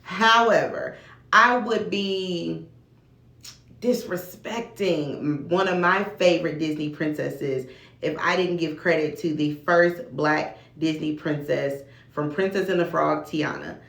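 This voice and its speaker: A woman's voice: low voice, slow pace, creaky. Chatty woman vlogger in an echoey room. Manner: chatty and relaxed, with casual slang. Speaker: video blogger. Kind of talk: casual chat to camera.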